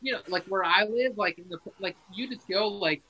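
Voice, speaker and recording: A man's voice: sits high, moderate pace, bright, forceful tone, a little hiss or hum, rough recording. A man with a Northeastern American accent, a musician guest chatting casually on a podcast, rambling through tangents and swearing freely. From Northeastern United States.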